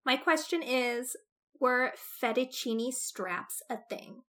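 A young woman in relaxed conversation about movies, curious and full of playful questions. Her voice is high and bright, with a crisp edge to it. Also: slow pace. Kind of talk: casual chat about film adaptations.

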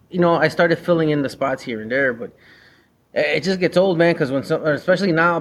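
A man who runs a mobile mechanic business, talking bluntly in a casual chat and acting out conversations with customers. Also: a little high. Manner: blunt, slangy, acts out conversations. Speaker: mobile mechanic and former shop owner.

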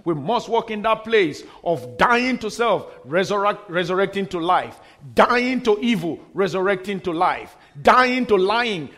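High-voiced emphatic male preacher. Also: sharp tone. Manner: emphatic preacher with repeated refrains and humorous asides. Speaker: pastor. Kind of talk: sermon.

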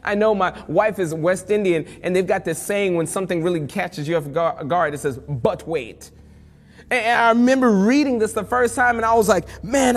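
A man's voice: high voice, in a large hall. A male pastor preaching a sermon in a conversational way that builds to fervent emphasis.

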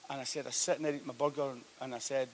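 A man preaching a sermon, telling a story that swings from hushed to loud. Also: mid-range voice, flat delivery, racing, slight background noise. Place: church hall.

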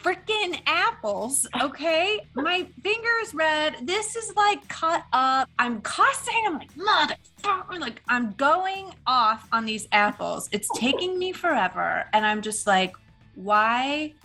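Brief: bright higher-voiced woman, animated podcast co-host, faint music bed. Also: measured pace, hardly any pauses. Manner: animated, laughing, exaggerated storytelling. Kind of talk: casual chat.

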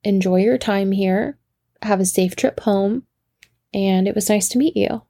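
An earnest older man at a bar, as a woman puts him on, speaking in a gravelly, dark voice. He apologizes at length and wishes the listener well. The sound is close and dry. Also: mid-range voice, measured pace, no room sound. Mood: apologetic.

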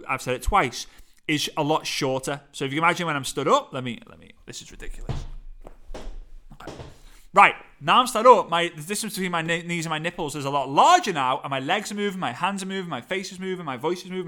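A man with a Liverpool accent coaching on storytelling in a lively, playful way that swings his voice high and low, talking into a microphone. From Liverpool, England. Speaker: speaking coach. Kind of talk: energetic teaching talk. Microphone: studio microphone.

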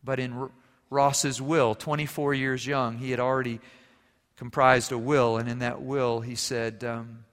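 A man preaching a sermon as pastor, swinging from loud emphasis to quiet, intimate passages. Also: medium pitch, flat delivery, unhurried. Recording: long reverb of a large hall.

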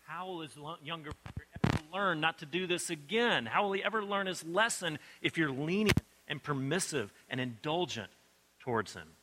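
A man preaching a sermon, telling a story expressively and shifting between soft, low passages and emphatic ones. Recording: clicking noise in the background.

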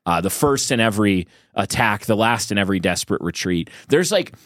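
A man's voice: on the low side, animated, a little fast, fairly bright tone, no room sound, clean studio sound. A man co-hosting a podcast, talking with enthusiasm and musing aloud, often restarting his sentences. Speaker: podcast co-host. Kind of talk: casual discussion.

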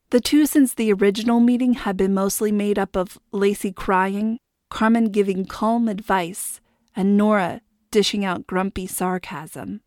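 A woman's voice: mid-range voice, darkish tone, dry recording. Woman reading an audiobook, dry close sound. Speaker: audiobook narrator. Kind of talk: scripted narration.

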